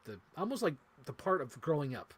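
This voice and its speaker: A man's voice: on the high side, big pitch swings, a little fast, husky. A man co-hosting a film review talk show, chatting casually and emotionally with lots of fillers. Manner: rambling, emotional, many fillers. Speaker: podcast co-host. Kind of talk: casual movie review chat.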